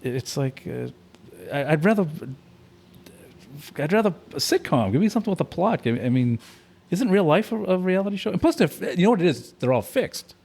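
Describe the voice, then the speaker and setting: Male host, playful banter, lively ups and downs in pitch, quick teasing talk. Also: gravelly. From half Irish. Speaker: podcast host. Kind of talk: casual chat.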